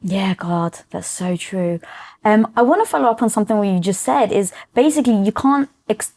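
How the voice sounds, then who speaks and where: A woman's voice: mid-range voice, expressive, normal speed, dark tone. A woman hosting an interview, speaking in a reflective, chatty way with many casual fillers. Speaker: podcast host.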